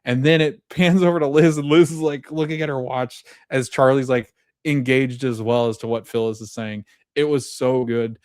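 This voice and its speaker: A man's voice: medium pitch, steady tone, normal speed, dry recording, studio quality. A man recapping a TV episode on a podcast in casual chat, rambling with many fillers and restarts and laughing often.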